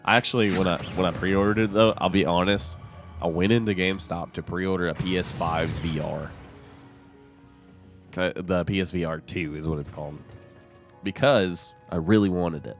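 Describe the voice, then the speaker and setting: A man's voice: sits low, fairly even intonation, moderate pace, soft background music. A man chatting casually while streaming a game, rambling between topics and laughing often. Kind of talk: casual chat while gaming.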